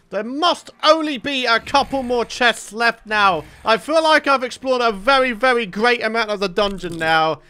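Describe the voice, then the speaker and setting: Guy, young, let's-play host; very high, bright voice that swings wildly and boils over at enemies. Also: moderate pace, few pauses, clear, resonant tone. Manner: animated, exasperated outbursts at enemies. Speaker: gaming YouTuber.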